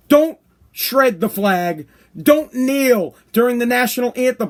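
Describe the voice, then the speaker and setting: A man's voice: very high-pitched, lively intonation, slow. A man hosting a podcast from a hot room downstairs, ranting in a heated, profane way and repeating himself for emphasis. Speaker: podcast host. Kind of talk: opinion rant podcast.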